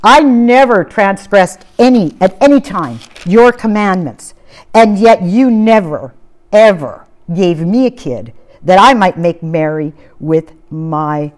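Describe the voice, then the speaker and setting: A woman's voice: mid-range voice, lively intonation, measured pace, natural voice. Resentful grown elder son, accusing and bitter, played by a woman preacher. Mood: indignant. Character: resentful indignant elder brother, a grown man.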